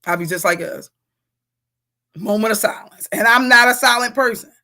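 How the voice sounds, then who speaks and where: Animated laughing woman leading a group. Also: fairly high pitch, normal speed. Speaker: leadership workshop facilitator. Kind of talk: casual group chat reading comments.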